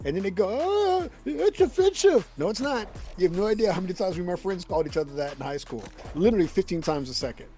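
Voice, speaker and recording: A man bantering during a gaming stream, arguing fast and playfully, often repeating his words as he pushes his point. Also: sits high, dark tone, faint music behind.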